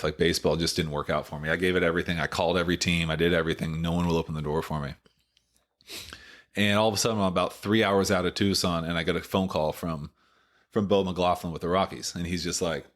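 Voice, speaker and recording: A man in his late thirties, a former baseball pitcher, telling his story casually in an interview, full of "like" and "you know.". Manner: rambling, filler-heavy retelling full of "like" and "you know".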